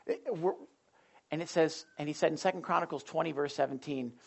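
A pastor preaching a sermon in a loose, conversational way, with jokes and asides to the congregation. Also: male voice, fairly high pitch, fairly quick, vocal fry.

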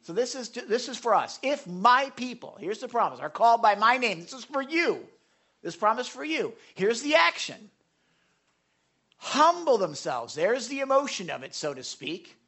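A man's voice: very high-pitched, sing-song, normal speed, slightly rough. Emphatic male pastor preaching a sermon. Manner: emphatic, swings between loud appeals and hushed scripture readings; talks to the congregation directly with questions. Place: church sanctuary.

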